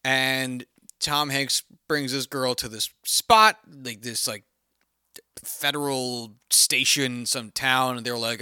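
A man giving a casual, exasperated movie review, swearing often and filling pauses with ums and uhs. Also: medium pitch, bright, forceful tone, smooth, dry recording, clean studio sound. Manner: exasperated, profane ranting with many fillers. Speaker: film reviewer.

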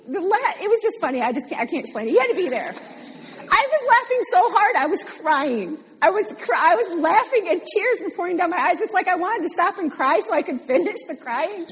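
Woman pastor preaching, high voice, lots of repeating for emphasis, big echoey hall. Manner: animated, repeats phrases for emphasis. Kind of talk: sermon. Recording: long hall reverb.

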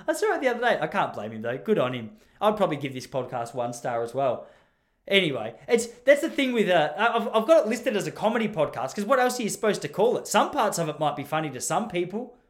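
A young man hosting a comedy podcast, telling stories in an animated way, laughing often and slipping into quoted voices. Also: high-pitched, brisk. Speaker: podcast host and school teacher. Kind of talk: comedic storytelling monologue.

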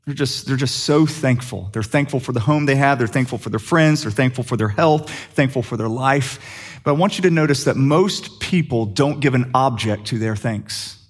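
A man's voice: medium pitch, normal speed, slightly rough. A man preaching a sermon as pastor, conversational and humorous, asking the congregation questions.

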